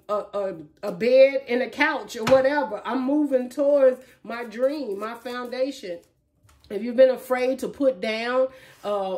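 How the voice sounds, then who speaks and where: A woman's voice: on the high side, a little mellow. A woman giving a casual tarot reading, chatty and emphatic, talking straight to her viewers. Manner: emphatic, chatty, emotional, addresses viewers directly. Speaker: tarot reader.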